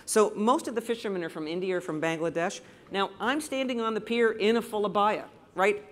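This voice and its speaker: A woman's voice: medium pitch, fairly quick, hardly any pauses. A woman from the United States, a photographer giving an enthusiastic, anecdotal slide presentation to a live audience in a room.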